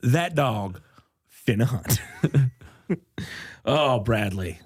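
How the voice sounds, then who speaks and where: A man's voice: medium pitch, lively intonation, drawn-out words, no room sound, studio quality. A man from the Midwest hosting a comedy podcast in casual chat, joking and riffing playfully. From American Midwest. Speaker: podcast host.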